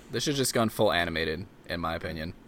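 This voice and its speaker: A young man co-hosting a podcast in casual chat, a relaxed storyteller who retells anecdotes. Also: low-pitched. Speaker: podcast co-host.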